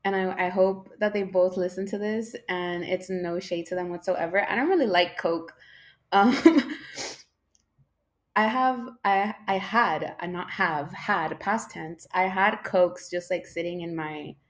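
A woman's voice: on the low side, a little slow. Tired young woman rambling and swearing. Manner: rambling, swears often, loses her train of thought. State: yawning, tired. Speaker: podcast host. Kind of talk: casual rambling podcast chat.

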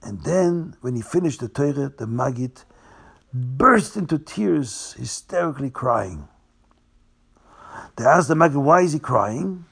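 A man telling a Hasidic tale, restating names and slowing down for drama. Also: mid-range voice, lively intonation, vocal fry, fairly bright tone, husky. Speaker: storyteller.

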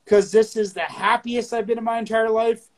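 A man's voice: sits high, fairly even intonation, normal speed. A man in his thirties co-hosting a casual chat, speaking earnestly and steadily with occasional swearing. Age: 30s. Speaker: co-host of a poetry show.

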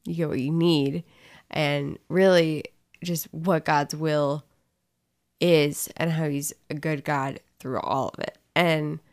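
A woman's voice: sits low, steady tone, slow pace, a little mellow. A woman talking candidly in a casual testimony chat, rambling and emotional as she tells her story. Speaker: co-host sharing her story.

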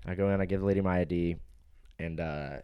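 A man's voice: low voice, fairly even intonation, fast, smooth, no echo, highs cut off. A man on a podcast telling a story casually, swearing a lot and laughing often. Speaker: podcast co-host.

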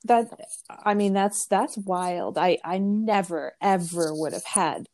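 A woman interviewing a guest in a relaxed, curious, affirming way. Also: mid-range voice, slow pace. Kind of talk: casual interview.

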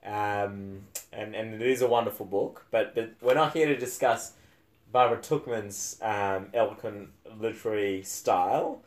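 A man with a fairly low-pitched voice, speaking a little slowly, co-hosts a casual book podcast. His talk is full of fillers and restarts, and it carries a dry, sarcastic edge.

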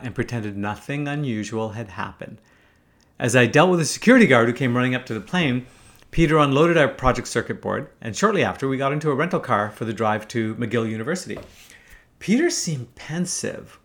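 A man's voice: mid-range voice, expressive, brisk, fairly bright tone. A man in his fifties from Canada, telling a first-person story in a wry, casual way, swearing freely. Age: 50s.

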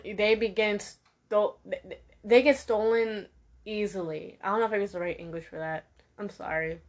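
A teenage girl giving a sassy, animated rant to her viewers, with laughing asides. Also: fairly high pitch. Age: teens. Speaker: vlogger. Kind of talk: casual rant to camera.

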